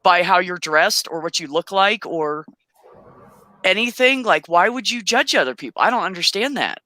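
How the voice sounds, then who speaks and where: Blunt, bright-voiced woman telling stories. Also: on the low side, normal speed, no echo. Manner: blunt, animated storytelling with swearing. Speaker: host. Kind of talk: casual chat.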